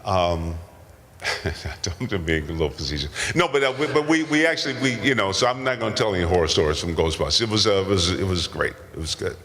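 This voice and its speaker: An older actor telling stories at a convention Q&A, rambling and self-deprecating with many restarts. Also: male voice, low voice, lively intonation, fast talker, a bit bright. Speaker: guest actor. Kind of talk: convention Q&A storytelling. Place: large convention hall. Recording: convention hall with long reverb.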